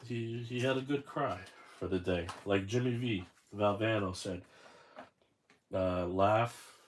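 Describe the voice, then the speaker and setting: A man's voice: fairly low pitch, measured pace, slight background noise. A man unboxing a toy figure and chatting casually, rambling and correcting himself as he tells a story.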